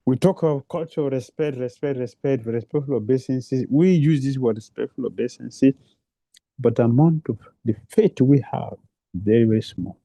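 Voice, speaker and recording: A man's voice: medium pitch, normal speed, gravelly, dark tone, no echo. A man giving a devotional lecture, repeating phrases for emphasis and asking rhetorical questions, in non-native English phrasing. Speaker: preacher.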